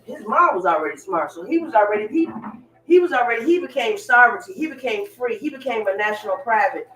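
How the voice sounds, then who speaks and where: A woman's voice: on the high side, lively intonation, quick pace, a bit bright, distant mic. A woman hosting a livestream, rambling bluntly through stories with loose profanity while cleaning in her kitchen. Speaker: livestream host. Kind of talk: rambling casual monologue. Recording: roomy, off-mic with kitchen clatter.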